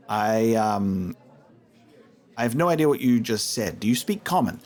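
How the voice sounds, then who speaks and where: A man's voice: on the low side, expressive, a little slow, a little mellow. A man giving playful playthrough commentary, laughing often and reading in-game dialogue aloud. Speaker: gamer.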